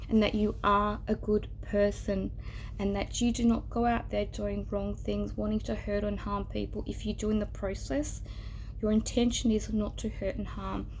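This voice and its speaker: A woman giving a tarot reading straight to the listener, soft and earnest, now and then dropping into a whisper. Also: mid-range voice, a little hiss or hum, low-quality recording. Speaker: tarot reader. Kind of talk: intimate tarot reading to the viewer. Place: indoors near a road.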